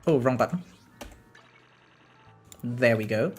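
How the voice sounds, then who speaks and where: A German-accented man streams a game live and talks through it with his viewers, his pitch swinging up and down as he reacts. He answers the chat casually and laughs often. Soft game music plays faintly underneath. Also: expressive, slow. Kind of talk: live gameplay commentary, chatting with viewers.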